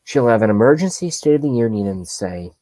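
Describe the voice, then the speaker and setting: A man's voice: medium pitch, expressive, fairly quick, mellow, no echo. A man in his thirties hosting a political livestream, ranting sarcastically and rambling as he talks to his chat. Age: 30s. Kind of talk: ranting opinion commentary.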